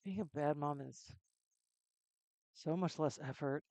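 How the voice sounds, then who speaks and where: A woman's voice: low voice, measured pace, darkish tone, dry recording. A woman live-streaming a game, chatting with jokes and self-deprecating asides into a close desk mic. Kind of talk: casual gameplay live stream.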